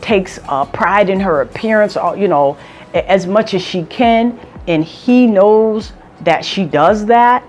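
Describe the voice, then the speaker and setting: A woman's voice: mid-range voice, takes it slowly, a little mellow. A woman vlogger giving casual advice, talking emphatically and repeating points for stress.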